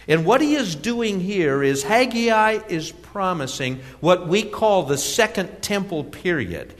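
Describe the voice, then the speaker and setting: A man's voice: sits high, lively intonation, unhurried, few pauses, in a large hall. A middle-aged male pastor preaching a sermon, telling a personal story with laughs and restarts before reading scripture. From Minnesota.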